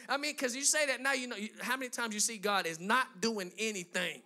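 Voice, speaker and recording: High, bright-voiced emphatic preacher man. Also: quick pace, few pauses. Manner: emphatic preaching with rising, driving lists; conversational asides to the congregation. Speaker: pastor. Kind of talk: sermon.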